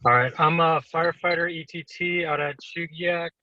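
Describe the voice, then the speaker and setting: An easygoing man firefighter introduces himself on a video call, his voice sitting a little high for a man. The audio is dry and muffled. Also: fairly even intonation, normal speed, pushed and bright, no room sound. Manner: easygoing, enthusiastic. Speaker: firefighter student. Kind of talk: self-introduction in an online class.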